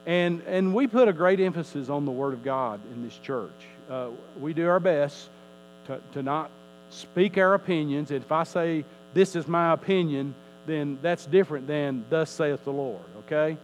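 A man's voice: on the high side, moderate pace, a little hiss or hum, rough recording. A male pastor preaching a sermon, emphatic, his voice rising and falling, often repeating words as he teaches.

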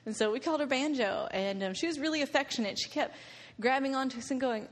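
A woman's voice: high voice, fast talker, few pauses. A young woman giving a slideshow talk to a group about a mission trip, telling stories and laughing often. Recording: long reverb of a hall.

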